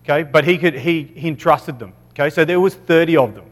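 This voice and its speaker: A man with an Australian accent teaching from the Bible in a loose, chatty way, stopping often to check in and correct himself. His voice sits a little high. It rings out with the long reverb of a hall. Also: fairly quick. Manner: casual, many "okay"s, self-corrections. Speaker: preacher.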